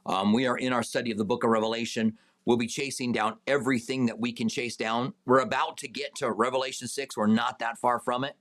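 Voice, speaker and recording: Answering viewer questions during a Bible study he leads, a man speaks unhurriedly with many fillers and restarts. His mid-range voice is a bit bright with fairly even intonation, though he raises it emphatically when reading scripture.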